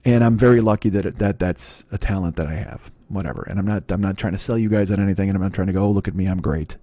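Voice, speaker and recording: With a lowish, warm voice and no echo, a middle-aged man hosts a podcast, spinning a rambling, profane, self-deprecating story full of restarts in a casual monologue.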